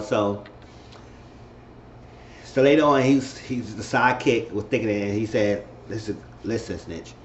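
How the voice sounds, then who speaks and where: A man giving a casual, animated recap of a TV episode, retelling scenes and acting out the characters' lines with laughs along the way. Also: on the low side, measured pace, long pauses, a little hiss or hum. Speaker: show recap vlogger. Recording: roomy dull home recording with faint ambience.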